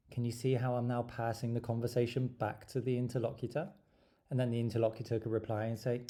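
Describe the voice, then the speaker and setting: A man giving an exam tips lesson, lively and stressing his words. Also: medium pitch, brisk. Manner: lively, stresses words, acts out sample dialogue. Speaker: English teacher.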